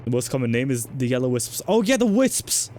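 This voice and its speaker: A man's voice: mid-range voice, big pitch swings, a little fast, a little mellow, a little hiss or hum. A man streaming a game in casual commentary, chatty, swearing and joking while talking to his chat.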